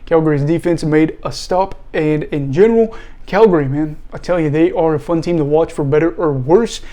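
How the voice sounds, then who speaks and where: A man's voice: fairly high pitch, moderate pace, dark tone. A man, a young adult, hosting a casual solo sports recap, chatty and often breaking into apologetic laughter. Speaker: sports channel host.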